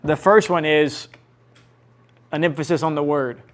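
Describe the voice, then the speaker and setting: A man's voice: fairly high pitch, unhurried, a bit bright. A man preaching a sermon as pastor, teaching earnestly, reading scripture and repeating key phrases for emphasis.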